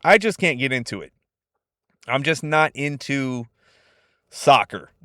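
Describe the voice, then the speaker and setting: A young man from California hosting a casual solo podcast, laid-back, profane and animated. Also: mid-range voice, measured pace, no echo, studio quality. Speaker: podcast host.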